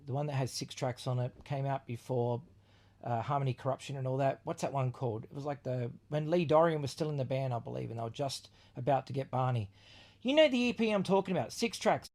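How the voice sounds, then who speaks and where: In a casual video chat, a vlog host reviews his record collection with rambling enthusiasm, swearing freely and leaning on fillers. His voice is on the high side with a darkish tone.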